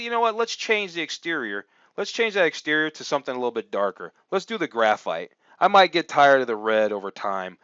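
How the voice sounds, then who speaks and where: A man's voice: mid-range voice, fairly bright tone, clean tone, no room sound. Casual male reviewer, chatty and upbeat, lots of "uh"s; dry, dull-sounding home mic. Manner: chatty and upbeat, thinking aloud with many fillers. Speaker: car review host. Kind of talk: casual screen-share review commentary.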